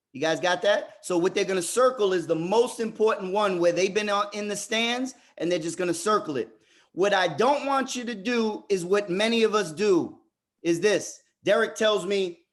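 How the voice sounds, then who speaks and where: High-voiced man leading a dads' workshop. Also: expressive. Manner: emphatic, repeats words when restarting; turns soft and slow in reflective parts. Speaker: group facilitator. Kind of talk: motivational workshop talk.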